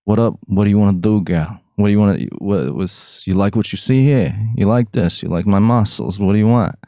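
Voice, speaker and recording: A man's voice: on the low side, a little fast, warm tone, dry recording, clean studio sound, natural voice. A man doing cocky Jersey player Hot Tony. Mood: swaggering. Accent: New Jersey. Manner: swaggering, flirty, slangy.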